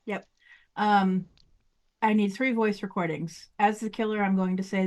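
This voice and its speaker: A woman's voice: mid-range voice, steady tone, moderate pace, a little mellow. Woman player planning her moves aloud. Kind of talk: casual tabletop play.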